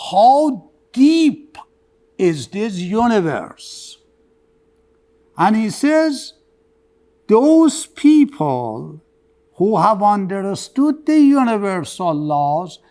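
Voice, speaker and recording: A man giving a religious lecture, telling stories with quoted back-and-forth dialogue. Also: high voice. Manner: animated storytelling with quoted dialogue.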